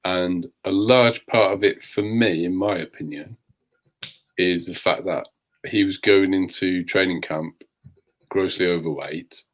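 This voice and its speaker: A man on a live talk show lays out his views in a measured, steady way. His voice sits very low, calm and unhurried. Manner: measured, opinionated. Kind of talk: casual talk show discussion.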